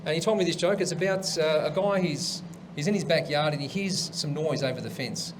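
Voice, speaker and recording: Aussie bloke host telling jokes, high voice jumping all over, noisy studio sound. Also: male voice, a little fast. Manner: chatty storyteller who acts out voices and laughs at his own punchlines. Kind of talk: telling jokes on a comedy show.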